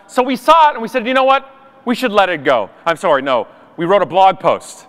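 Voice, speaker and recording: Man, conference speaker, animated, emphatic, high voice, long hall reverb. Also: smooth. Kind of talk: keynote talk.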